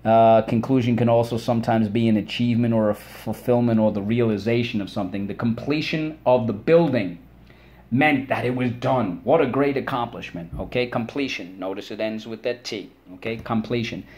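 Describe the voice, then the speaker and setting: A male teacher giving a children's spelling and vocabulary lesson, upbeat, drilling each word syllable by syllable and pausing for the class to repeat. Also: medium pitch, a little mellow.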